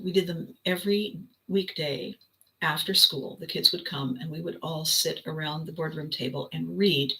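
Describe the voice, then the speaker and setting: An older woman hosting her own video, telling a personal story in a casual, animated way with frequent laughter. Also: fairly low pitch, poor audio. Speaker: vlog host.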